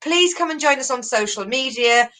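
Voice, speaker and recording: A woman co-hosting a casual online chat show, chatty and giggly with quick asides. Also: sits high, animated, pushed and bright, low-quality recording. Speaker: co-host.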